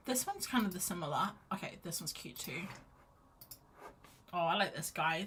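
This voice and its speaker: A woman's voice: lowish voice, lively intonation, unhurried, pauses often, fairly bright tone, slight background noise. A young woman chatting in a rambling, casual way while she sketches on a livestream, with lots of fillers and restarts. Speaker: livestream artist.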